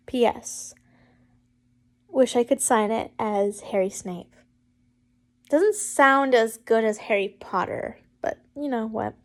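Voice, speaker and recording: Higher-pitched woman reading fan fiction. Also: slow pace, long pauses. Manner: chatty, breaks off to joke and laugh. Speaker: fanfiction reader.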